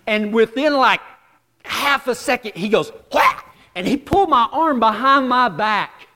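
A man's voice: very high voice, lively intonation, pushed and bright. Folksy preacher man in a hall. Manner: folksy, self-deprecating humor with dramatic pauses. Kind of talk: storytelling sermon. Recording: long hall reverb.

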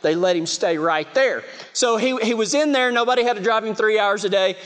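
Male West Texas preacher with a strikingly high voice, telling stories with a self-mocking humor, booming in a big reverberant hall. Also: brisk, a bit bright, smooth. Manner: chatty, self-mocking, lots of "you know". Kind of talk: storytelling sermon.

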